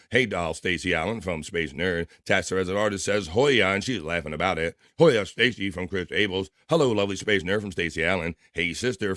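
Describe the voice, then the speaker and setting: A man hosting a live stream, casually reading viewer comments aloud and giving shout-outs while talking through his allergies. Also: low-pitched, dry recording, clean studio sound. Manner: casual, rambling, reads chat names aloud with shout-outs. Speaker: livestream show host.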